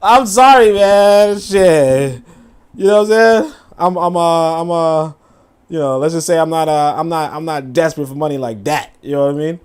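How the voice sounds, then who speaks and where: A man hosts a loose livestream, reacting to a video and his chat. His voice sits a bit high for a man. He talks in animated, profane bursts full of fillers and laughing asides. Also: moderate pace, clean tone. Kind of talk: casual livestream commentary.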